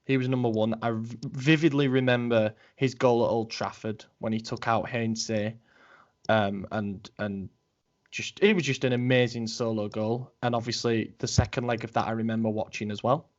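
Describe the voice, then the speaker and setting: Guy in his 20s, podcast co-host, rambling casual chat, mid pitch, dull lo-fi audio. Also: fairly even intonation, moderate pace. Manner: chatty, rambling with many ums.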